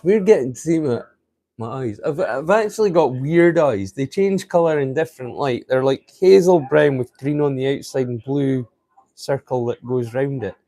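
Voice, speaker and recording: Male live-stream host, casual and rambling, mid pitch, dry close mic. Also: moderate pace, dark tone, no room sound. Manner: rambling, chatty, thinking aloud.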